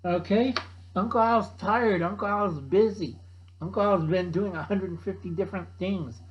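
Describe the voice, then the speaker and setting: Older man, sixties, casual vlog host, gruff and blunt with a joking streak, voice sits a little high. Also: normal speed, highs cut off. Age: 60s. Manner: gruff, blunt, jokey, calls himself by name; acts out other people's voices in a higher pitch. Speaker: channel host. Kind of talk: casual rambling chat.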